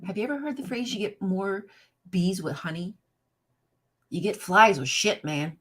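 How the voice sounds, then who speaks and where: Reading a children's Bible storybook on her live stream, this woman uses an expressive mid-range voice at normal speed. Between passages she ranting to the chat with sassy, profane asides.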